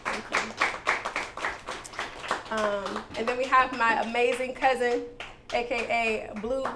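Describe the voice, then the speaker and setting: A woman hosting a live spoken word event, talking casually and warmly to the crowd as y'all. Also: fairly high pitch, fairly even intonation, takes it slowly, pauses often. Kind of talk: live stage address to an audience. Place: indoor event venue. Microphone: handheld microphone. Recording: live event with clear background noise.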